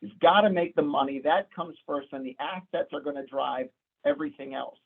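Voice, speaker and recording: Midwestern guy talking retirement plans, gravelly and husky, sounds like it's over a phone. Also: on the high side, fairly quick. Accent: Midwestern American. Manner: conversational, storytelling with quoted dialogue. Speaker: financial advisor. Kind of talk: presentation to clients. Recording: tinny phone-like audio.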